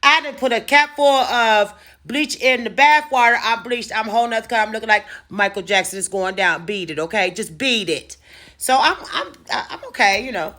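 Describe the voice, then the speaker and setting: A woman telling a personal story to camera in a casual vlog, animated and freely cursing. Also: fairly high pitch, a little fast. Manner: animated, profane, dramatic storyteller. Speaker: storytime vlogger.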